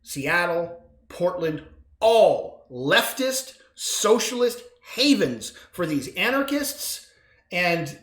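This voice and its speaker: A man's voice: high voice, big pitch swings, extremely slow, fairly bright tone. Combative sarcastic man in an echoey room. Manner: combative, sarcastic, emphatic swings in volume. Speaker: podcast host. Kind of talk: solo political commentary.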